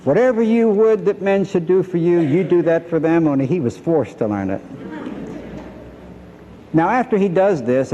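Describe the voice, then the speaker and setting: A man's voice: medium pitch, dark tone, in a large hall, dull audio, slight background noise. An older man teaching a Bible lesson, retelling the story and acting out the characters' lines.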